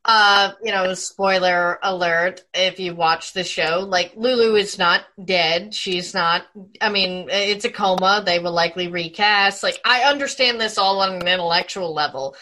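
A woman's voice: fairly low pitch, a little slow, pushed and bright, poor audio. A woman hosting a casual interview, chatting candidly with her guest. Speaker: interview host.

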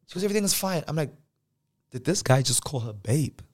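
Young South African male host, casual storyteller, lively delivery that jumps up for quoted lines. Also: medium pitch, fast, slightly rough. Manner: animated, acts out dialogue in different voices. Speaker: podcast host.

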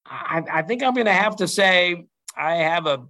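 A middle-aged man telling lively anecdotes in an interview, acting out quotes from others. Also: high voice, moderate pace. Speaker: interview guest, baseball writer. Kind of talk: storytelling in an interview.

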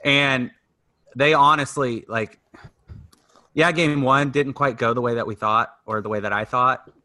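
A man co-hosts a relaxed sports chat in a bright, forceful voice. He trips over his openings with repeated restarts, then lands blunt, wry remarks. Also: medium pitch, a little slow. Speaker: podcast co-host.

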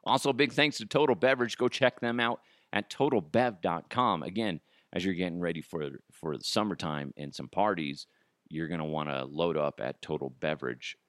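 A man's voice: deep voice, moderate pace, fairly bright tone, no room sound, studio quality. A man hosting his solo podcast, ranting profanely and laughing at his own jokes. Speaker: podcast host.

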